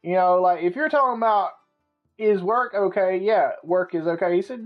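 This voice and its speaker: A man hosting a podcast, telling a story in a casual, profane and animated way. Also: sits high, normal speed. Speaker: podcast host. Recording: slightly muffled with faint music.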